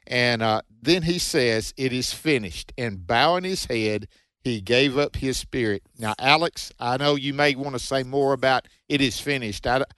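A man's voice: medium pitch, measured pace, fairly bright tone, no echo. Earnest preacherly male radio co-host. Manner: earnest, preacherly, reads scripture aloud. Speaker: Bible teaching radio co-host. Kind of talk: conversational Bible teaching.

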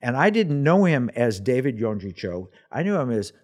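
A man in his sixties hosting a casual talk show, telling animated personal anecdotes. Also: medium pitch, moderate pace. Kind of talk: casual chat.

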